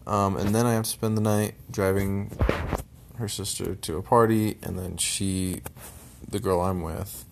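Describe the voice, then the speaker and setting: A young man venting in a personal vlog, frustrated and bitter, swearing constantly and sometimes trailing off into low mutters. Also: fairly even intonation, measured pace, creaky, background noise.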